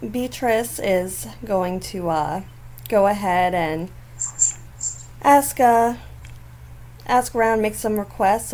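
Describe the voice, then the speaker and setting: A chatty woman gives casual gameplay commentary at a middling pitch, with frequent giggles and animated asides. Faint outdoor noise from neighbors drifts in behind her voice. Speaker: gaming channel host.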